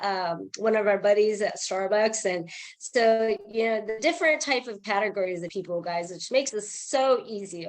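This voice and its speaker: A woman telling a casual sales story on a group call, chatty and animated, acting out what people said. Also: on the high side. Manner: chatty, animated, acts out quoted dialogue. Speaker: team member sharing a sales story.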